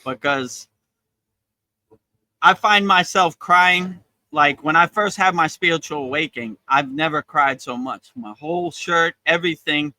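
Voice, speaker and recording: A man giving a casual spiritual talk as a teacher, relaxed and encouraging, often repeating his phrases. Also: on the high side, a little slow, no room sound, low-quality recording. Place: outdoors on a beach.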